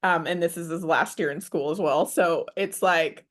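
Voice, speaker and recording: A woman's voice: on the low side, moderate pace. A woman in her forties hosting a podcast, chatting casually and acting out quoted dialogue. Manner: expressive, acts out quoted dialogue. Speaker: podcast host. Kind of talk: casual conversation.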